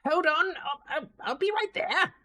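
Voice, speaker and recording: A man voicing a male gnome shopkeeper with a high-pitched, chirpy voice. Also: lively intonation, measured pace, pushed and bright, exaggerated voice. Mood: eager.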